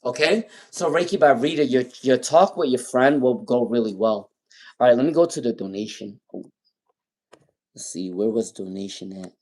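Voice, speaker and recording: A man's voice: medium pitch, moderate pace, a little mellow. Rambling male tarot reader, live stream. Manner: rambling, repeats names, many ums.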